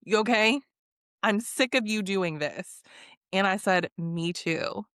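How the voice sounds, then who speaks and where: Taking it slowly with a smooth, medium-pitched voice, a woman podcast host chats casually about reality TV, animatedly quoting people with swearing and laughter. The recording is dry and studio quality.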